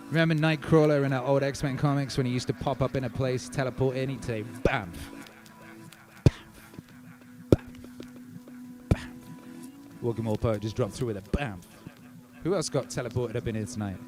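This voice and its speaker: Chatting casually on his music livestream, a man reads comments from viewers aloud, hyped and swearing, his volume swinging between shouted shout-outs and quiet murmurs.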